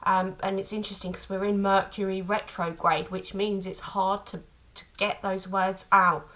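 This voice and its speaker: A woman giving an intuitive tarot reading to camera, speaking tenderly and haltingly, with frequent restarts. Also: mid-range voice, flat delivery, fairly bright tone, rough recording. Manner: tender, calls listener "my lovely"; halting, many restarts and fillers. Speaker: tarot reader.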